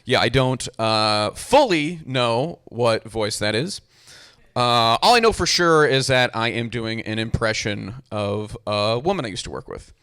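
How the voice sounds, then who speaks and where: A man's voice: mid-range voice, animated, a little slow, a bit bright, clean tone. A young man doing a stand-up comedy set with a dry, self-deprecating delivery. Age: young adult.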